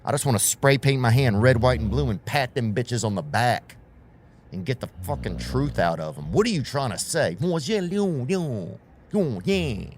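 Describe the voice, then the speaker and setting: A man's voice: mid-range voice, animated, normal speed, a little hiss or hum. A man doing a rambling, profane comedic monologue as a podcast host, full of slang and tangents.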